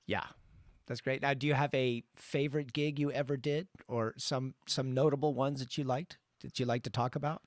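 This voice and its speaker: A man's voice: medium pitch, fairly even intonation, normal speed, no echo, studio quality. A man hosting a casual interview, asking easygoing questions with short reactions. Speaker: interviewer host.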